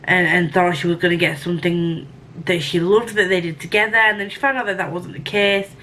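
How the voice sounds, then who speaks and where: A woman's voice: on the low side, steady tone, brisk, a bit bright, slight background noise, poor audio. A woman book vlogger chatting casually about her reading, rambling and often correcting herself.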